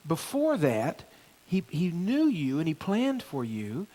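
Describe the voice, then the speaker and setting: A man's voice: a little high, takes it slowly. A middle-aged male pastor preaching a sermon in church, pressing hard on key phrases and stepping through the verses to the congregation. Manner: animated preaching, rising emphasis on key phrases.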